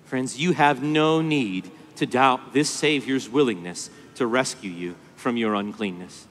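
A man preaching a sermon at a conference, swinging between hushed tenderness and loud, stirring emphasis. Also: medium pitch, unhurried, few pauses. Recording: long hall reverb.

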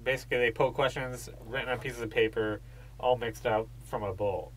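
A man's voice: mid-range voice, steady tone, fairly quick, poor audio. A man co-hosting a podcast in casual chat, rambling through stories, swearing freely and laughing as he talks. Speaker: podcast co-host.

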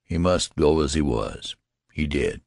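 A man giving a measured, steady scripted narration of an audiobook. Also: very deep voice, creaky, no echo, clean studio sound.

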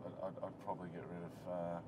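A man's voice: deep voice, little pitch movement, fast. A man, a rugby coach, bantering dryly and teasingly while driving a ute. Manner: dry teasing banter, calls people mate. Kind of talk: casual in-car banter. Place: inside a moving ute. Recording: road noise inside a car.

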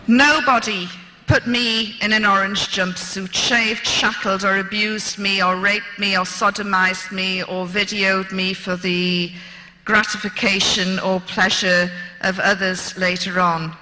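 Her voice is very bright as this fifty-something woman from Britain lectures through a story, slow and deliberate, in a long-reverb hall. She's lively, lifting her pitch whenever she acts out dialogue.

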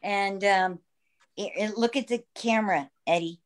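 A woman's voice: medium pitch, measured pace. A woman chatting in a bubbly, talkative way on a video call and laughing often. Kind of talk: casual video-call chat.

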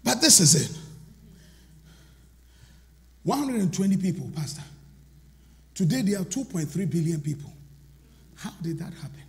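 A man preaching a sermon as pastor, swinging from loud shouted lines to hushed asides. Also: high-pitched, very animated, normal speed, pauses often. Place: large church sanctuary. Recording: long church reverb.

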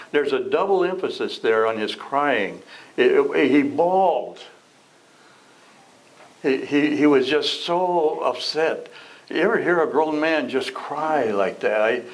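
Slow, unhurried Bible class teacher. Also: male voice, mid-range voice, low-quality recording. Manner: unhurried, conversational, asks the class questions. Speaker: Sunday school teacher. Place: church classroom.

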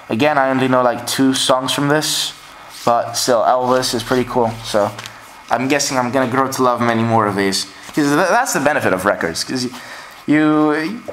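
A man's voice: mid-range voice, fairly bright tone, a little hiss or hum, rough recording. Offhand young man reading track lists. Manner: offhand, shrugs things off with "whatever". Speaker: vlogger showing record pickups.

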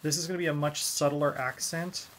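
A man's voice: on the high side, steady tone, fairly quick, a bit bright, a little hiss or hum. A man giving a hobby tutorial on model kits, explaining each step in a laid-back way.

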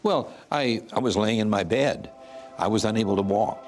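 A man's voice: fairly low pitch, lively intonation, normal speed. A man in his eighties, a guest earnestly telling his life story and acting out the voices he quotes. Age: 80s. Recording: music playing under the voice. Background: soft music.

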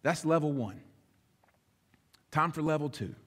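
High-voiced preaching man in a big hall. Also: a little slow. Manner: animated preaching, acting out dialogue. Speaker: pastor. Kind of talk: sermon. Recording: long reverb of a large hall.

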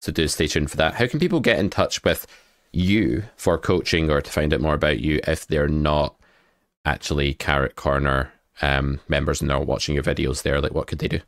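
A man with an extremely low voice hosts a poker hand review, thinking out loud and getting excited over his own reads. His delivery is jokey and quick to laugh at himself. The sound is dry and close. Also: no echo. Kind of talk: casual poker hand analysis.

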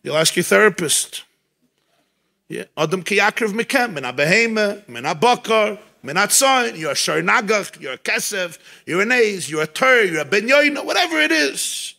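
A man's voice with a gravelly edge and a bright, forceful tone, sitting a little high for a man. He speaks as a rabbi at a farbrengen, animated and storytelling, weaving Yiddish and Hebrew words into his English. He sounds like he is talking to a room of listeners at a home gathering. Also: normal speed. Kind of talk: farbrengen talk.

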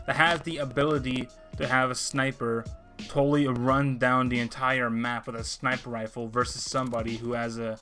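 A man's voice: mid-range voice, sharp tone. A young man giving gameplay commentary on his video channel, ranting in an opinionated, frustrated way. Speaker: gaming video creator.

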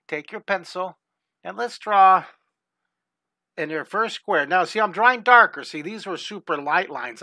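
A man's voice: a little high, sharp tone, no room sound. A middle-aged man hosting a live online drawing lesson for young kids, upbeat and encouraging, greeting viewers by name as he draws. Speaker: art teacher hosting a live drawing class.

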